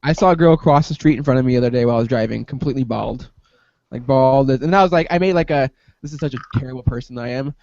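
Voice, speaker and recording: A man's voice: medium pitch, rapid-fire, vocal fry, darkish tone, no room sound. A man hosting a casual podcast, joking and going off on tangents. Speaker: podcast host. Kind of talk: casual chat. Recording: dull, dry lo-fi podcast audio.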